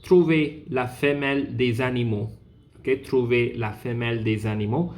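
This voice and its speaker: Guy teaching french revision, says okay a lot, repeats stuff slowly. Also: mid-range voice, steady tone. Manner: explanatory, repeats phrases with frequent "okay"; slows down to spell out French words. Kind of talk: classroom revision lesson.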